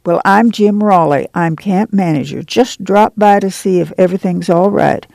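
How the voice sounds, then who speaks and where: A man reading the part of a friendly, lean camp manager who talks with easy, chatty warmth. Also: high-pitched, normal speed, creaky, no room sound.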